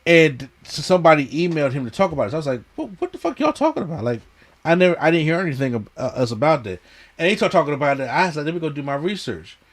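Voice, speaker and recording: A man's voice: fairly high pitch, very fast. A man hosting a casual pop culture podcast, talking animatedly and tripping over names as he reads quotes aloud. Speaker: podcast host.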